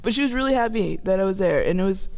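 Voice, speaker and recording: A woman's voice: mid-range voice, lively intonation, fast, darkish tone. A woman in her twenties from California, co-hosting a podcast and telling a story in a chatty way, often laughing. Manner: chatty, laughing, acts out quoted voices. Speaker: podcast co-host. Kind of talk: casual storytelling chat.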